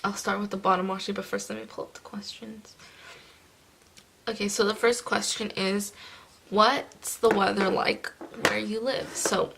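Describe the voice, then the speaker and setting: A young woman from California with a groggy morning voice, chatting casually while she decorates a planner. She rambles with lots of fillers and drops into soft murmurs now and then. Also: mid-range voice, level tone, moderate pace, vocal fry, slight background noise, rough recording. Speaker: planner vlogger.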